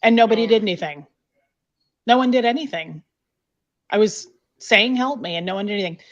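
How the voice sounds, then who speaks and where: A woman's voice: mid-range voice, fairly quick. Woman, candid storyteller, salty and blunt, muffled call audio. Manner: blunt, swears freely, many "like" fillers. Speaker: guest recounting her past.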